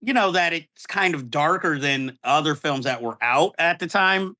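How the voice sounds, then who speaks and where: A man's voice: fairly high pitch, expressive, normal speed, sharp tone. A man hosting a podcast, chatting about films and acting out his own reactions. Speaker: podcast host. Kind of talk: casual film chat.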